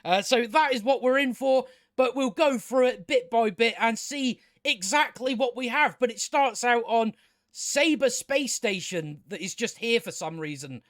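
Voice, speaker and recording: A man's voice: extremely high pitch, animated, a little slow, a bit bright, no room sound, studio quality. A man ranting sarcastically about a movie, often stammering and restarting his sentences. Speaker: movie commentator. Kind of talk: casual opinion rant.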